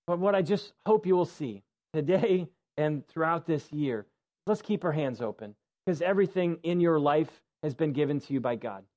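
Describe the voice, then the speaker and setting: Male pastor with a fairly high voice, preaching conversationally in a church, stressing key words. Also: a little mellow. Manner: conversational, emphatic, drops low for stress. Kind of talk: sermon. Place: church sanctuary.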